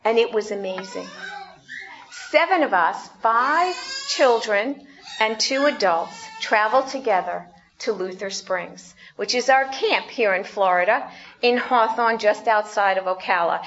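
A woman's voice: medium pitch, measured pace, a bit bright, muffled recording, a little hiss or hum. A woman pastor preaching a conversational sermon, putting questions to the congregation.

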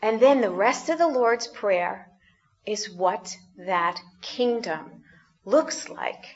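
Slow-speaking woman pastor. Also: mid-range voice, animated, muffled recording. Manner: conversational, asks the congregation questions. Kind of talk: sermon.

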